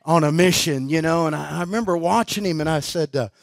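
Speaking quickly in a slightly high, creaky voice, a man preaches as a guest at a conference. His sermon is a chatty personal story, full of laughs, filler words, and restarts, captured in a dry recording.

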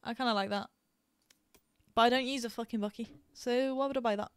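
A young woman from England chats casually while streaming a game, giggling often and filling her stories with "like" and "um." Her voice sits a touch high, and the recording is dry and close with no room sound. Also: steady tone, fairly quick, clear, resonant tone, no room sound. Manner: chatty, giggly, storytelling with many fillers. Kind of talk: casual chat while gaming.

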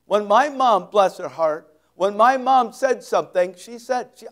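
Guy pastor preaching, pretty high voice, reads verses slow and punchy, folksy little asides. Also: expressive. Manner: reads scripture slowly with emphasis, folksy asides. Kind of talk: expository sermon with scripture reading.

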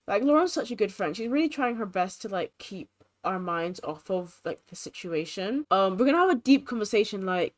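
A woman's voice: on the high side, lively intonation, brisk, few pauses. A woman hosting a gaming channel, giving bubbly, chatty commentary while she plays and filling her talk with "like". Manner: bubbly, lots of fillers like "like".

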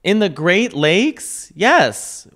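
A man's voice: sits high, very animated, very slow, a bit bright. A man with a Chicago accent co-hosts a loose comedy podcast. He talks in a chatty, teasing way, always ready to explain things to his co-host. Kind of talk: casual comedy podcast chat.

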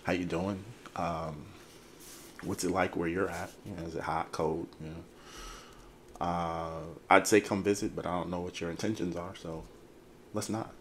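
A man's voice: deep voice, fairly even intonation, unhurried, slight background noise. A man hosting his channel in a casual, playful chat, rambling and joking before a game trailer reaction. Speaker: host.

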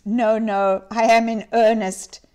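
A woman voicing an old man, a reformed miser who turns giddy and briefly feigns gruffness, in a dramatic reading. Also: fairly high pitch, slow. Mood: excited. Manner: excited, exclaiming. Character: old male miser turned jolly, gruff.

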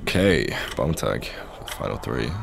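A man's voice: a bass voice, big pitch swings, a little slow, creaky. A man streaming a game, taunting other players with cocky trash talk and laughing often. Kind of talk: trash-talking gaming commentary. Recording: loud game noise under voice.

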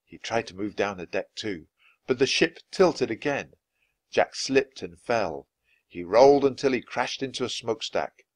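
A man reading a children's book aloud, with expressive, lively narration. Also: mid-range voice, normal speed, dry recording. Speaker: storyteller.

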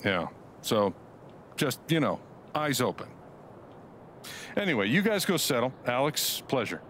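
An actor playing a blunt, joking middle-aged bar owner in a video game, swearing easily. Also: male voice, mid-range voice, sing-song, a little slow, fairly bright tone, slight background noise.

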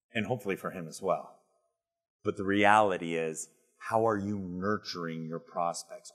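A middle-aged man giving a motivational keynote talk at a retreat, telling stories and repeating his points for emphasis. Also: fairly low pitch. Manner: storytelling, animated, emphatic repetition. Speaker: business speaker. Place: retreat event.

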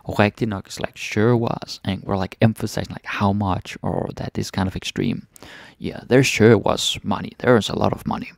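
A man's voice: fairly low pitch, fairly even intonation, fairly quick, gravelly, dry recording, studio quality. A man teaching a language by reading a fairytale aloud and translating it word by word, often adding little questioning tags.

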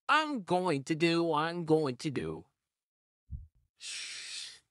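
Man doing a four-armed caterpillar vampire, soothing but menacing, shushes a lot; slow, drawn-out delivery, dry close sound. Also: on the high side, no echo, heavily acted. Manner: coaxing, hushing, shushing softly. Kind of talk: listener role-play audio.

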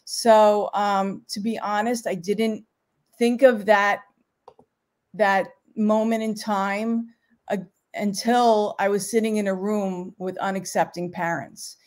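A middle-aged woman, a parent guest, telling a personal story in a heartfelt, halting way during a live interview. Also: mid-range voice, little pitch movement, a little mellow.

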